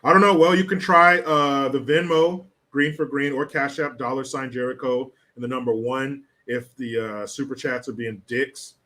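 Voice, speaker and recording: A man's voice: medium pitch, fairly even intonation, moderate pace, hardly any pauses, sharp tone. A man hosting a casual political commentary livestream, sarcastic and blunt, swearing freely.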